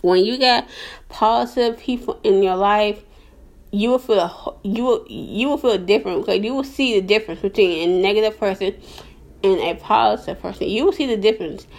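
A woman's voice: medium pitch, normal speed, vocal fry. Earnest woman podcaster preaching positivity. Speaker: podcast host. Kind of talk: casual faith-based podcast monologue.

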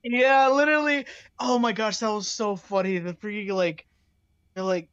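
A woman's voice: medium pitch, steady tone, moderate pace, a bit bright, smooth, no echo. Giggly young woman, dull lo-fi sound. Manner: giggly, storytelling with many fillers. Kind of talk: casual chat.

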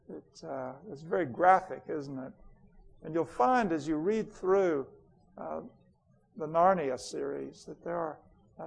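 A man's voice: on the high side, vocal fry. A male preacher giving a reflective sermon, with frequent hesitant fillers.

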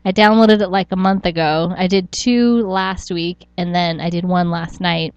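A woman's voice: fairly low pitch, steady tone, normal speed, smooth, no room sound, highs cut off. A woman co-hosting a podcast in casual chat, rambling and restarting her sentences with frequent small laughs. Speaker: podcast co-host.

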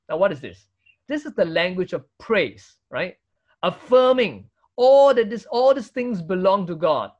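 A man's voice: high voice, animated, measured pace, lo-fi sound. A man with a Singaporean English accent preaching a sermon, emphatic, with rhetorical questions and frequent tag "right?". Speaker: pastor.

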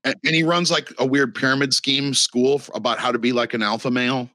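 A man's voice: medium pitch, fairly even intonation, fairly quick, sharp tone, no echo. A man talking in a casual podcast chat, rambling and profane with lots of fillers.

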